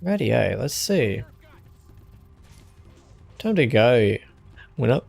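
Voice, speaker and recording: A young man streaming a game and chatting casually with viewers in a relaxed, easygoing way. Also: medium pitch, very slow, creaky, soft background music. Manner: relaxed, chatty, answers chat with small laughs. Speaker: gaming streamer.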